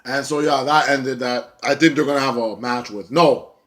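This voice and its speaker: A man's voice: mid-range voice, steady tone, moderate pace, fairly bright tone. A young man giving a casual spoken review, blunt and rambling, swearing often and filling with ums and likes. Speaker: wrestling show reviewer.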